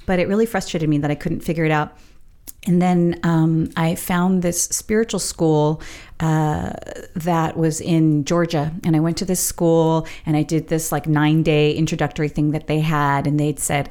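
A woman's voice: low-pitched, darkish tone. A middle-aged woman telling a personal story in a casual, rambling, reflective way, laughing now and then. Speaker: storyteller sharing her spiritual journey.

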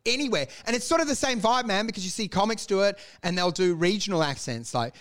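A man's voice: high voice, lively intonation, fast, fairly bright tone. A man co-hosting a casual comedic chat, crude and mock-outraged as he rambles.

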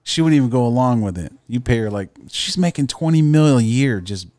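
A man's voice: mid-range voice, animated, a little fast, darkish tone, no echo, studio quality. Joking, profane podcast co-host man. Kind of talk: casual comedic chat.

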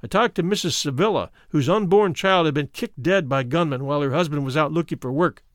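A man narrating a first-person memoir as an audiobook in a measured, solemn manner. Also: fairly high pitch, dry recording, studio quality.

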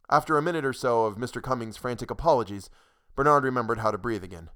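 A man narrating a short story in a measured, dry reading voice. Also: mid-range voice, bright, forceful tone, clean tone.

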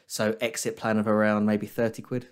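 A man's voice: fairly low pitch, flat delivery, moderate pace, slight background noise. A man, a guest trader on a casual podcast, who talks things through in a chatty, teasing way. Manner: chatty, teasing, thinks aloud with fillers.

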